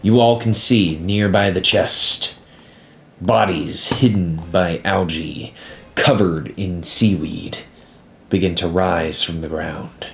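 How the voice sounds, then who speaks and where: A man narrating as game master of a tabletop game, relaxed and dotted with "uh" pauses. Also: deep voice, vocal fry.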